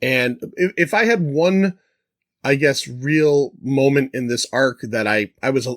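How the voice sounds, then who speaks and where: A man's voice: medium pitch, a little slow, no echo, clean studio sound. A man co-hosting a casual podcast, talking in a thoughtful, reflective way. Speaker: podcast co-host. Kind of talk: casual chat.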